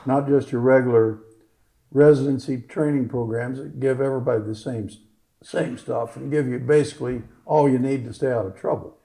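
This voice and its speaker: A man's voice: mid-range voice, moderate pace, gravelly, warm tone, poor audio. A man, a doctor, telling a story at a live talk and acting out the lines of the people in it. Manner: acts out other people's lines in his stories. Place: fitness gym, indoors.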